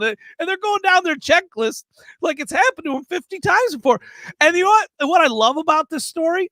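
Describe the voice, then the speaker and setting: A man with a very high, bright voice co-hosting a gaming podcast. He rambles in an animated way, full of fillers, and the sound is dry and close. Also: fairly quick, no room sound. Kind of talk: casual podcast chat.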